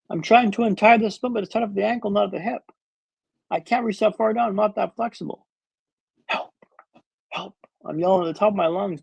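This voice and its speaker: A man's voice: high-pitched, gravelly, darkish tone, slightly rough, dry recording, muffled recording. A man in his thirties telling a story as a podcast guest, dramatic and wry with comic timing. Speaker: guest speaker.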